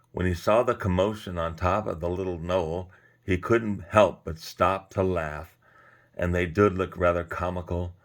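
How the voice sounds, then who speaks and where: Here a low, deep male voice performs a children's story aloud, keeping the reading vivid and animated with plenty of spirited emphasis.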